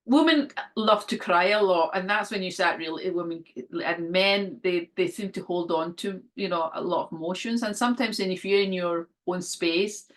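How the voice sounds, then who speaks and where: A woman speaking as an interview guest, a holistic health practitioner, talking in an earnest, gentle, encouraging way with frequent fillers. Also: on the low side, moderate pace, few pauses. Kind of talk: conversational interview.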